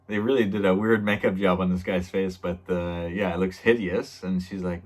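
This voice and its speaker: A man with a low voice talks through a plot recap in a loose, rambling way. He leans on fillers and slips into quoted lines without changing his voice. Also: moderate pace. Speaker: review channel host. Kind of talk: casual episode recap.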